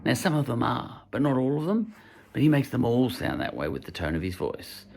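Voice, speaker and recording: A man's voice: medium pitch, very animated, fairly quick, vocal fry, a little mellow. An Irish man giving a casual spoken book review, rambling and hesitant as he searches for his words. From Ireland.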